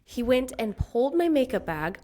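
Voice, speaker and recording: A woman's voice: high-pitched, normal speed. A woman in her thirties co-hosting a casual chat, telling stories animatedly and acting out what people said. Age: 30s. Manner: animated storytelling, acts out quoted dialogue. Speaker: podcast co-host.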